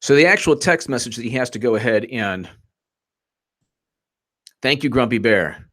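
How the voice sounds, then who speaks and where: A male commentator talks through a livestream in a loose, rambling way, full of sarcasm. His voice sits at an ordinary middle pitch. He keeps slipping into mocking put-on voices. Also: animated, moderate pace, fairly bright tone. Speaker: political commentator.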